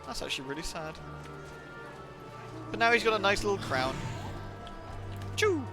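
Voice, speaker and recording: A man's voice: high voice, animated, a little fast. A man chatting casually and playfully while live-streaming a game, reacting aloud and thanking viewers. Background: game music.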